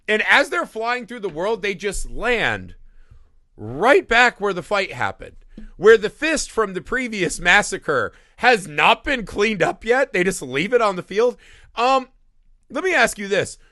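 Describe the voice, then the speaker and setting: Animated bright-voiced man ranting about a movie. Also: high-pitched, a little slow, no room sound, clean studio sound. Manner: animated, exasperated ranting with acted-out quotes. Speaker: podcast host. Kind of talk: casual movie review chat.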